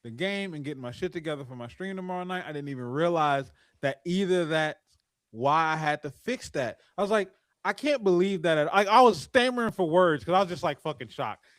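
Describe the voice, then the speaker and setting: Man, podcast host, high-pitched, excitable, stammering, casual swearing. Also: a little fast, no room sound. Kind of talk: casual chat.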